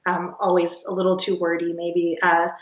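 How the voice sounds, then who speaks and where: Low-voiced woman on a distant, roomy call. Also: monotone, moderate pace. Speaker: podcast guest, project founder. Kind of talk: casual interview chat. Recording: roomy, distant, dull sound.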